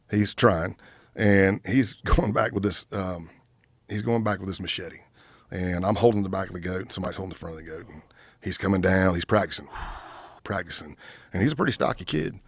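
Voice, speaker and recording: A man in his fifties tells his story with a lively, storyteller's energy and acts out the other people's lines as he goes. His voice sits low. It is dry and close, with no room sound around it. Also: no echo. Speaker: retired undercover agent, podcast guest. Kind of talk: storytelling in a podcast interview.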